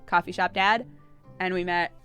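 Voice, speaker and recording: A woman's voice: fairly low pitch, steady tone, moderate pace, fairly bright tone, smooth, highs cut off, faint music behind. A woman streamer chatting casually and laughing often while reading game dialogue aloud. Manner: giggly, playful, reads game lines aloud. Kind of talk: casual live-stream commentary.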